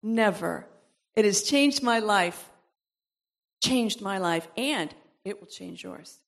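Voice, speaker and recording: Preaching a sermon, a woman reads scripture aloud, breaking off with asides and laughs before building to emphatic, repeated exhortations. Her mid-range voice is animated and slow, with vocal fry.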